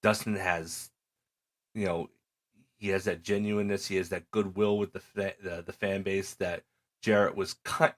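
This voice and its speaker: A man's voice: sits low, normal speed. A middle-aged man co-hosting a podcast, recapping matches in casual chat and acting out the wrestlers' lines. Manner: animated storyteller, acts out quoted lines. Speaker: podcast co-host.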